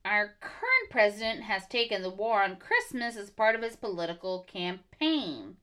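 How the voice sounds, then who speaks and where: A woman's voice: mid-range voice, very animated, moderate pace, bright, forceful tone. A woman co-hosting a casual podcast, reading facts from her notes with blunt, sarcastic asides. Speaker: podcast co-host.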